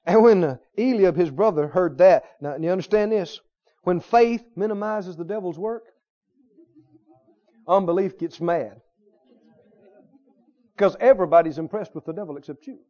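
A man's voice: high-pitched, normal speed, long pauses, mellow, dull audio. A male preacher delivering a sermon emphatically, firing rhetorical questions at his listeners.

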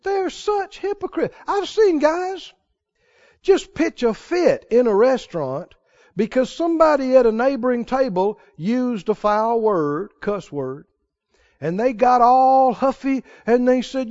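A male preacher with a very high, lively voice that swings all over the place. He tells his stories in a folksy way and then presses his point hard. The recording is dull and lo-fi. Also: takes it slowly. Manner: folksy storytelling, rising to emphatic exhortation. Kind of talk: sermon.

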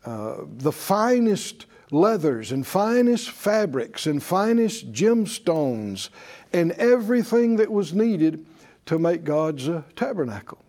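A man's voice: high-pitched, very animated, slow, a little mellow. A man teaching a Bible class in sermon style, folksy, with chuckles and rhetorical questions. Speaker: preacher and teacher.

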